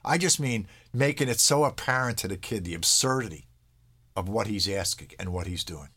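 Fairly low and husky with a sharp tone, this man's voice is expressive and moves at a moderate pace. He's a parenting expert explaining in an interview, chatting with his listener, checking in with "all right?" and briefly playing out kid and parent lines.

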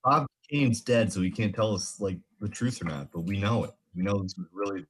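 A man co-hosting a casual comedic chat, laid-back and building absurd bits with quick asides. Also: fairly low pitch, slightly rough.

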